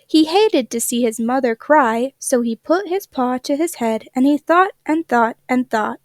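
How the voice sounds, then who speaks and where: A woman reading a children's picture book aloud with gentle, expressive storytelling. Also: high voice, a little slow, dry recording, clean studio sound. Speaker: storybook reader.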